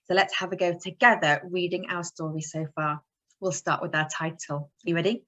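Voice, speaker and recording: A woman's voice: lowish voice, bright, forceful tone, lo-fi sound. A woman teaching young children in an online lesson, talking in an encouraging, sing-song way. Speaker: early years teacher.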